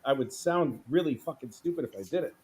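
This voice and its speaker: A man's voice: a little high, fast talker, husky. A man from New York City with a New York accent, hosting a casual stream chat, swearing freely and laughing often. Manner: profane, animated, laughs often. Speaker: stream host.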